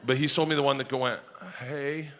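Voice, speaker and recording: A middle-aged man telling comedic stories, animated and laughing as he acts out what people said. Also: medium pitch, racing, very noisy. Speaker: stand-up comedian. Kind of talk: storytelling comedy.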